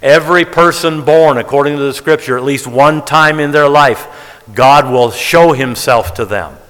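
A man's voice: fairly high pitch, normal speed, a bit bright. A man preaching as a Bible teacher, stressing key words emphatically as he counts out figures. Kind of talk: sermon-style Bible teaching. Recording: long reverb of a large hall.

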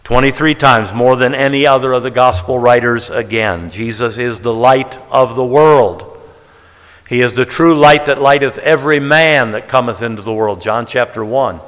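A man preaching in a sermon style, leaning hard on key words as he works through counts. His voice sits at an ordinary middle pitch and carries a long reverb from a large hall. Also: moderate pace, fairly bright tone, clean tone. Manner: emphatic, counting out word tallies with stress on key words. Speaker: preacher teaching the Bible. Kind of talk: sermon-style Bible teaching.

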